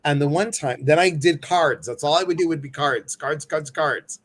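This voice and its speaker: A man hosting a casual chat, telling stories in an animated way and acting out the people in them. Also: a little high, normal speed. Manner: animated storytelling, acts out voices. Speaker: host.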